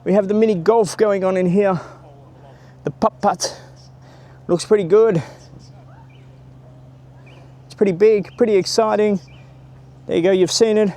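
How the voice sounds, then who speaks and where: Male travel vlogger, casual and rambling, higher pitch, outdoors on the move. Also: fairly even intonation, moderate pace, dark tone. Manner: chatty and rambling, greets passers-by. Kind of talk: casual walking tour vlog. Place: outdoors by a city stadium, walking.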